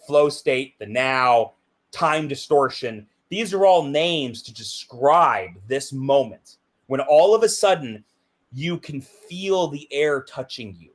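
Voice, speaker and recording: A middle-aged BASE jumper speaks slowly in an expressive, mid-range voice during a reflective interview. He talks intensely and emphatically, often checking in with "right?".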